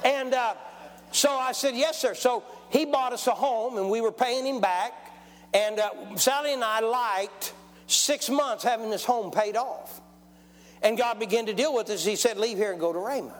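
A man's voice: very high voice, normal speed. A man, preaching a testimony sermon in a folksy storytelling way and calling for amens. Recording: long church hall reverb.

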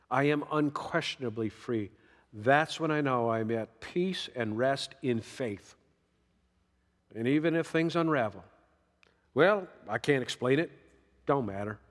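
Man, middle-aged, pastor, folksy emphatic sermon, medium pitch, long hall reverb. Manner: folksy, emphatic preaching with sudden rises and soft drops.

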